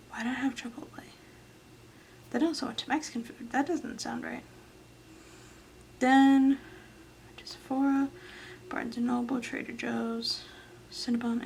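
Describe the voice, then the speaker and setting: A woman's voice: sits high, vocal fry, darkish tone, slight background noise. A tired young woman casually rambling through her planner as a vlogger, with lots of fillers and some whispered asides. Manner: rambling, filler-heavy, often trails into whispers. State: tired, yawning late at night. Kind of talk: casual chatty voice-over. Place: home, late at night.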